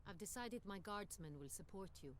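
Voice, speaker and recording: An actress voicing a proud, commanding duchess in a video game, speaking in formal, measured courtly phrases. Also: female voice, mid-range voice, expressive, a little hiss or hum, close to an everyday voice.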